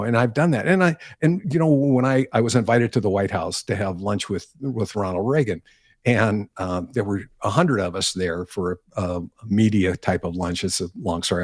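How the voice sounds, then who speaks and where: A man's voice: fairly low pitch, breathy edge, no room sound, studio quality. An older man, a retired newsman, telling anecdotes in a casual interview and acting out the exchanges he describes. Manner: animated anecdotes, acts out quoted exchanges. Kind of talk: casual storytelling.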